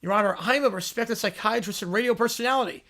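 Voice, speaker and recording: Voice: mid-range voice, quick pace, a bit bright, voice pushed down, close to an everyday voice. A reader playing a fussy, refined adult male radio psychiatrist who speaks formally and precisely. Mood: offended.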